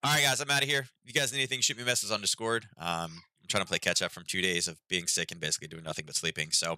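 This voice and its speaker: A man's voice: sits low, steady tone, very fast, sharp tone, dry recording, poor audio. A man hosting a casual trading stream, talking loosely with lots of ums and sarcastic asides, tired and getting over being sick. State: recovering from illness, yawning. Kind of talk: casual market commentary.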